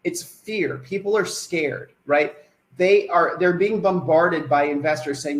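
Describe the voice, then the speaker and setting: A man's voice: fairly high pitch, unhurried, roomy sound, poor audio. A man giving a webinar sales presentation, putting questions to the attendees and then answering them himself.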